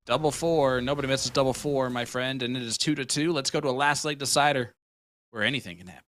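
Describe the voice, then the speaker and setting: A man calling darts play-by-play with excited calls and playful banter. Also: mid-range voice, fast, no echo. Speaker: dart commentator. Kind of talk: live sports commentary, casual banter.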